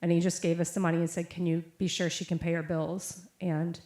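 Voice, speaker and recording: A woman's voice: fairly low pitch, little pitch movement, brisk, a little mellow. A young adult woman preaching a sermon, telling a personal story in a casual way with lots of fillers and quoted voices. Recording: echoey room.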